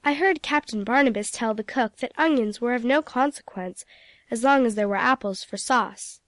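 A woman's voice: on the high side, normal speed, fairly bright tone, no echo, natural voice. A woman voicing a sly male ship's cat who scolds impatiently, in a storybook reading. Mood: scolding.

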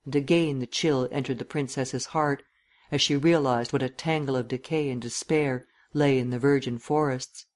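A man narrating a literary audiobook in a measured, descriptive reading. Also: medium pitch, fairly even intonation.

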